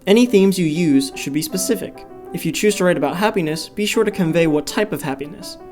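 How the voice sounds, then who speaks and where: A man reading a school presentation from a script in a steady voice. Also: high-pitched, a little fast. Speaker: student presenter. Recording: soft guitar music behind.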